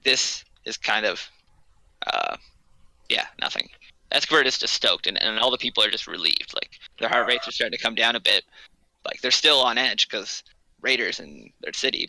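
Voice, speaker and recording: A man's voice: on the low side, vocal fry, pushed and bright, no room sound, low-quality recording. A man narrating a tabletop game as game master, casual and rambling with many fillers.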